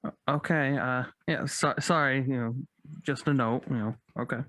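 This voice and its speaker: A man in a comedy sketch podcast, whiny and quick to take offense as he argues with the cast. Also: mid-range voice, fairly even intonation, fairly bright tone, no echo, studio quality. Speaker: cast member reading a sketch. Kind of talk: scripted comedy sketch banter.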